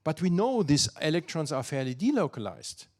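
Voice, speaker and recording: A man's voice: on the high side, big pitch swings, a little fast, darkish tone. An older man with a German accent, giving an academic physics lecture and thinking aloud, with many fillers and restarts.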